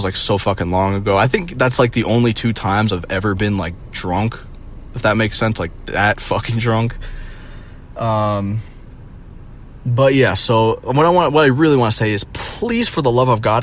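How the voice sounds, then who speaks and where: Young male vlogger, casual rambling rant, profane, filler-heavy, faint background hiss. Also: mid-range voice.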